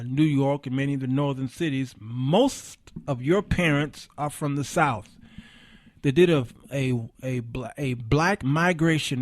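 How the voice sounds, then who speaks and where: In a dry, studio-quality recording, a fairly high-pitched middle-aged man from the Chicago area, US, hosts a livestreamed talk show. His monologue is passionate, rising in preacher-style swells of emphasis.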